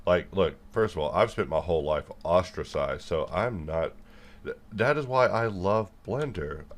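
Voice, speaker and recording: A young man in a rambling monologue to his viewers, jumping between jokes and animated rants. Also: deep voice, normal speed. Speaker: software developer and video creator. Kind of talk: rambling stream-of-consciousness monologue.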